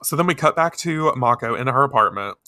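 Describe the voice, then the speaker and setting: A man retells a cartoon episode as a giggly, animated storyteller. His voice moves up and down a lot and sounds bright. The recording is dry and close. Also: medium pitch, a little fast, dry recording. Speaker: podcast co-host. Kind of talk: casual anime episode recap.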